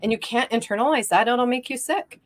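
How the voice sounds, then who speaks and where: A woman's voice: on the high side, a little fast, a crowd in the background. A woman hosting a podcast, talking in an earnest, affirming way in casual conversation. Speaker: podcast host.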